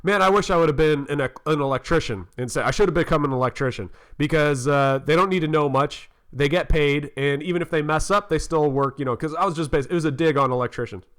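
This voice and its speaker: A man in his thirties co-hosting a casual podcast, telling an animated story and laughing often. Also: fairly high pitch, fast, hardly any pauses. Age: 30s. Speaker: podcast co-host. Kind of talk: casual chat. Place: living in North Carolina.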